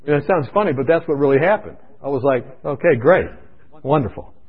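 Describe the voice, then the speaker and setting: A man preacher telling his own testimony in a sermon, dramatic and shifting from loud to hushed, in a dull lo-fi radio recording. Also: fairly high pitch, lively intonation, rapid-fire, breathy edge. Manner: dramatic storytelling, swinging between loud and hushed.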